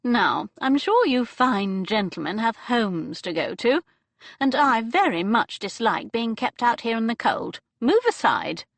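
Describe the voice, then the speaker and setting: A woman's voice: fairly high pitch, very animated, a little slow, gravelly, no echo, voice pushed up, exaggerated voice. A woman voicing a cross, imperious elderly dowager in an audiobook, speaking in a haughty, scolding, commanding way. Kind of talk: audiobook character voice.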